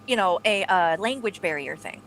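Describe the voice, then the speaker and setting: A woman's voice: mid-range voice, lively intonation, normal speed, a crowd in the background. A woman co-hosting a livestream, recounting events in indignant, emphatic casual chat. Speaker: livestream co-host.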